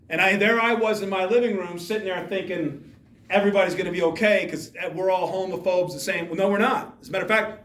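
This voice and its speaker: A man's voice: sits high, a bit bright. A man giving an emphatic motivational talk to students in a school hall, firing rhetorical questions at the audience. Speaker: speaker addressing students. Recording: echoey room from far off.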